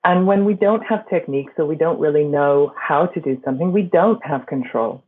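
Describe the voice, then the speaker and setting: A woman's voice: deep voice, moderate pace, husky. A woman voice and performance coach, a guest in an interview, explaining her work in a reflective way with examples. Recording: phone-like remote line.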